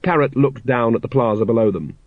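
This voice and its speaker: A man's voice: medium pitch, fairly quick, no room sound. Man narrating a comic audiobook, dry. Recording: slightly muffled dry recording.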